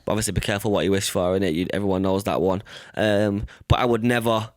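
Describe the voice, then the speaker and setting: A man's voice: fairly low pitch, fairly even intonation, fast talker, no echo. Young manchester guy, slangy and chill, dead dry studio sound. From England. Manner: laid-back slangy talk, lots of like and innit. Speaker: rapper guest. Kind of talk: casual interview chat. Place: radio studio.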